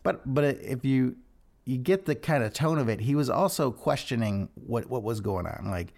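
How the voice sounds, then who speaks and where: Rambling man with a gravelly voice. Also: mid-range voice, moderate pace. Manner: rambling, self-interrupting, animated. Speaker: devotional speaker. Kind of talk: casual devotional talk.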